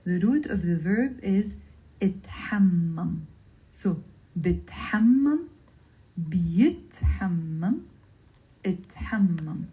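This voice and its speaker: A woman with a Lebanese accent teaching vocabulary on a livestream, pronouncing each word slowly and carefully, then repeating it. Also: fairly low pitch, expressive, warm tone, low-quality recording. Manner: slow, careful word-by-word pronunciation drills.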